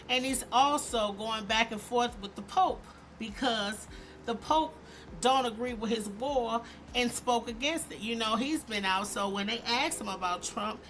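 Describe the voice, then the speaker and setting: Bright, emphatic woman vlog host. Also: a little high, a little hiss or hum. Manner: animated, emphatic, sarcastic. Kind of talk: opinionated commentary.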